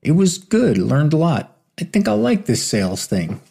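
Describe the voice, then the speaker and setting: A man's voice: fairly high pitch, huge pitch swings, normal speed, creaky, mellow, slightly rough, voice pushed up, full character voice. A man voicing a big, hot-tempered man in an audiobook, with a blunt, exasperated delivery.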